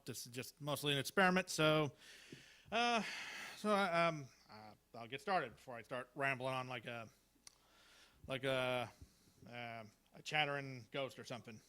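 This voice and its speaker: At a small live venue, a man at an open mic reads Halloween one-liners, rambling hesitantly with lots of fillers and restarts. His mid-range voice is bright, forceful and smooth, moving at a moderate pace.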